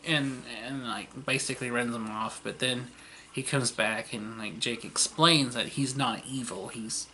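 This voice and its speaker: A man talking through an old TV series in a loose, rambling vlog, with fillers and chuckles everywhere. His voice sounds bright and forward, at an ordinary middle pitch. Faint noise hums underneath. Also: steady tone, measured pace. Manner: rambling, lots of fillers and laughter. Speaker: vlogger. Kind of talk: casual retelling of a TV series.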